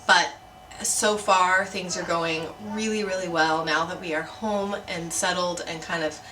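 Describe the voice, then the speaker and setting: A woman speaks earnestly and candidly in a casual home vlog, her tone bright and forward. The mic sits at some distance, so her voice carries a roomy echo with a faint hiss of noise underneath. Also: lowish voice, steady tone, unhurried. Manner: candid and earnest, with soft fillers. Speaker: adoptive mother and vlogger. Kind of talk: casual vlog talk to camera.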